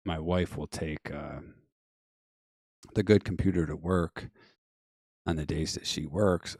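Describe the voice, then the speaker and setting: A man with a very deep voice runs a casual live-stream show, rambling through viewer comments in an offhand way. His voice is going hoarse. The sound is dry and close, with no room echo. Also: fairly even intonation, slow pace, pauses often, darkish tone. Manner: rambling, offhand, many fillers and trailing asides. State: losing his voice.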